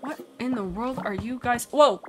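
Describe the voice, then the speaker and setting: A woman streaming a video game, chatting casually and excitedly talking to the little creatures on screen. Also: a little high, moderate pace, background noise. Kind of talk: casual gameplay commentary. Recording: music playing behind the voice.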